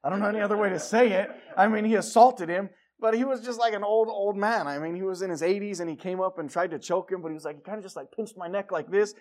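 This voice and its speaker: High-voiced man preaching emphatically. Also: fast talker, hardly any pauses. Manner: emphatic, exhorting preaching with asides and stories. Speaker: pastor. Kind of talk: sermon. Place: church sanctuary.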